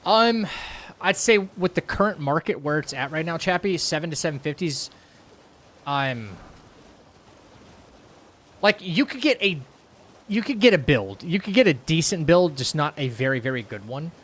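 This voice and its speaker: While playing a game on a live stream, this man chats casually and reads viewer messages aloud in a loose, rambling style full of fillers and restarts. His slightly high, somewhat bright voice swings widely in pitch. He keeps a moderate pace with long pauses.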